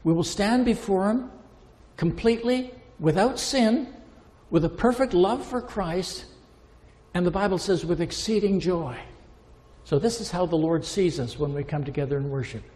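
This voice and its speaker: A man preaching a sermon, impassioned, building to emphatic peaks and then dropping to a low, quiet tone. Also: normal speed, long reverb tail.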